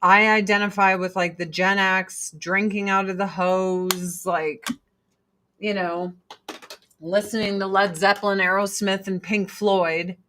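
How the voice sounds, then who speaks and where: A woman's voice: mid-range voice, little pitch movement, a little slow, a bit bright. A woman in her forties chatting casually to her viewers, blunt and profane, breaking off to scold and coo at her cats. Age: 40s. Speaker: vlog host. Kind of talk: casual livestream chat.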